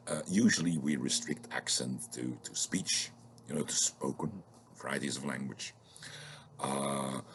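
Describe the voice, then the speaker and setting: Deep rough-voiced guy lecturing, lots of uhs and restarts, bit of hiss behind. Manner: thoughtful, hesitant, many fillers and restarts. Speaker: sociolinguistics lecturer. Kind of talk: informal recorded lecture.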